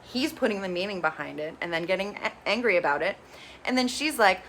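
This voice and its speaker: A woman's voice: mid-range voice, expressive, brisk, fairly bright tone, a little hiss or hum. A woman casually recapping reality TV episodes, blunt and sarcastic, swearing freely. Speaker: reality TV reviewer.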